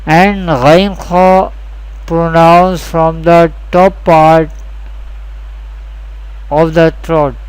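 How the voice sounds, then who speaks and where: A man teaching Quran reading rules in a slow, deliberate lesson, repeating each key point and speaking English with a South Asian accent. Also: on the high side, little pitch movement, clean tone, dry recording, rough recording. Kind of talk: slow scripted lesson narration.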